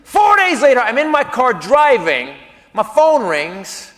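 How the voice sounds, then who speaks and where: A man telling a stand-up comedy story, animated and yelling his punchlines. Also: very high voice, a little slow, in a large hall.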